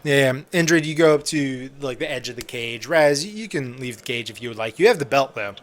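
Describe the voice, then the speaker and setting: A man's voice: mid-range voice, expressive, brisk. A young man narrating as game master on a live stream, loose and joking with lots of fillers.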